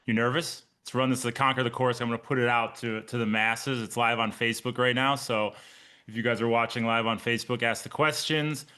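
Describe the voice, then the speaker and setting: Man, 40s, triathlon coach, live video-call briefing, bright forceful voice, chatty, joking. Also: medium pitch, a little fast, clean tone. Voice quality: energetic, chatty, joking with listeners.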